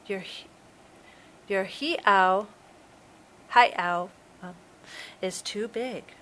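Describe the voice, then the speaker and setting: Teacher lady doing a little girl asking stuff in a storybook, slow, bright, kinda unsure. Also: mid-range voice. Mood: curious. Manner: wondering, hesitant questions. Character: curious little girl visiting her grandmother.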